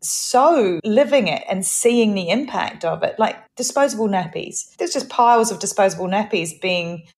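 A woman's voice: mid-range voice, animated, normal speed, few pauses, a little mellow. A middle-aged woman co-hosting a podcast, telling stories in casual, emphatic chat. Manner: chatty, emphatic, storytelling. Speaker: podcast co-host.

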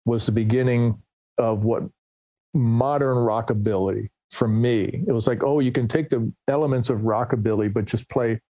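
A man's voice: mid-range voice, steady tone, moderate pace, dark tone, no room sound. A middle-aged man, a musician guest, telling stories in a casual interview, rambling with restarts and quoting others. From New Jersey, USA.

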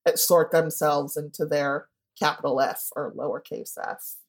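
A woman's voice: low voice, steady tone, measured pace. A woman guest speaking frankly in a casual interview, often acting out what people said to her. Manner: frank and candid, acts out quoted voices. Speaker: guest author.

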